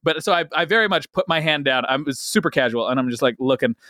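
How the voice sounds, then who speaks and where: Young man, podcast guest, fairly high bright voice, dry close sound, animated, lots of fillers. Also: quick pace, dry recording. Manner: animated, laughing, many fillers and restarts. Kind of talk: casual storytelling chat.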